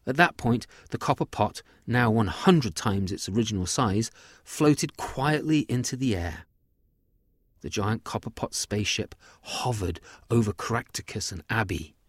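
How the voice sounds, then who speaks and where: A man telling his own children's sci-fi story in a lively, gentle way. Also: on the low side, a little slow, breathy edge, no echo, clean studio sound.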